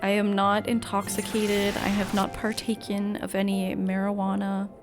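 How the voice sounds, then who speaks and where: A woman's voice: mid-range voice, monotone, moderate pace, over music. Woman chatting casually while streaming a game. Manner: rambling and self-mocking, reading game dialogue aloud. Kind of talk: casual gameplay commentary.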